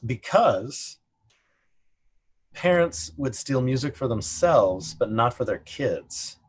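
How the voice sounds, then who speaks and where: A middle-aged man telling a casual story as a podcast guest, rambling and animated, full of "like" fillers. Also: medium pitch, slow, slight background noise. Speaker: podcast guest, production designer.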